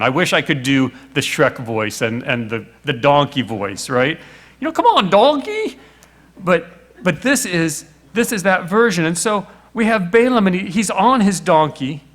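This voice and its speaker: A man's voice: medium pitch, a bit bright. A middle-aged man preaching a sermon, telling the story with little acted voices and rhetorical questions.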